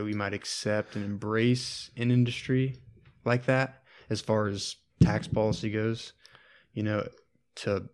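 Low, flat-voiced young man explaining. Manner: measured, hedging with fillers. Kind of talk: casual explaining.

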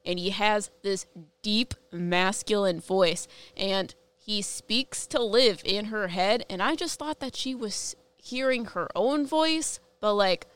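A woman's voice: mid-range voice, takes it slowly, hardly any pauses, fairly bright tone, clean tone. A woman co-hosting a casual podcast, asking curious follow-up questions in a playful way. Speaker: co-host.

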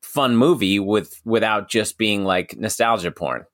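A man's voice: fairly low pitch, a little slow, fairly bright tone, no room sound, studio quality. A middle-aged man co-hosting a comedy podcast, chatting loosely and rambling, laughing easily. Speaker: podcast co-host. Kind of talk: casual comedic chat.

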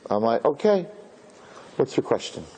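A man, a rabbi, giving an inspirational talk to an audience, telling a story with lively acted-out dialogue and Hebrew and Yiddish terms. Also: mid-range voice, moderate pace, a little hiss or hum. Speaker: rabbi and speaker.

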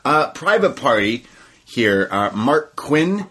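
A man co-hosting a casual chat, talking as a relaxed and enthusiastic wrestling fan. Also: medium pitch, slow, husky. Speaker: co-host.

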